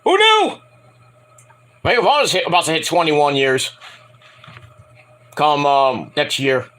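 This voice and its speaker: Young male reviewer, high bright voice, lively rambling delivery. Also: unhurried. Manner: rambling, animated, mimics wrestlers in shouted bursts. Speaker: wrestling show reviewer. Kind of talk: casual solo review.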